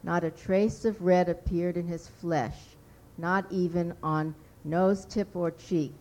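A woman reads her own short fiction aloud to a workshop group. Her voice sits low and her pace is slow and deliberate, lingering on each phrase. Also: fairly even intonation, dark tone, poor audio. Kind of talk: reading a story aloud.

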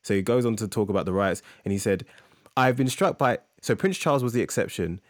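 A man's voice: lowish voice, fast, a little mellow, no echo, studio quality. A man co-hosting a podcast, reading an essay aloud with chatty asides and fillers. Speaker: podcast co-host.

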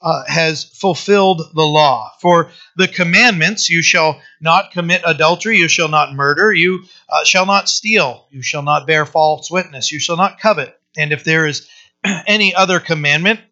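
A male pastor preaching a conversational sermon, often pausing with fillers and restarting his sentences. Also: on the high side, pushed and bright, dull audio.

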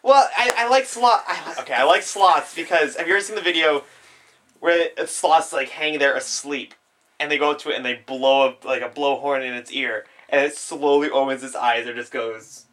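A man in casual chat, tossing in dry quips and quick asides. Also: medium pitch, steady tone, fairly bright tone.

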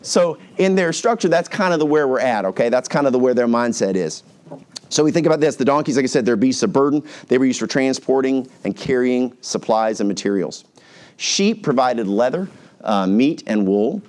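Male American pastor, casual teaching sermon, lively delivery with quick asides. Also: mid-range voice. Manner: conversational, animated, puts on voices for everyday examples.

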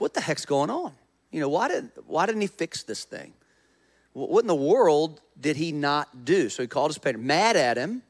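A man's voice: fairly high pitch, fairly bright tone. A male pastor preaching a conversational sermon, joking with the congregation and acting out voices in his stories. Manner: conversational preaching with jokes and audience prompts; acts out quoted voices in stories.

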